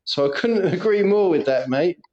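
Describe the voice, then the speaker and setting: Giggly, sweary podcast host. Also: male voice, sits high, expressive, moderate pace, a little mellow, lo-fi sound. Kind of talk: casual chat.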